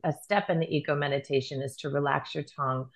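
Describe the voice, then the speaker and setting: A woman's voice: low-pitched, steady tone, fast. Bubbly woman podcast host. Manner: gushing, bubbly praise. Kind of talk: enthusiastic podcast interview.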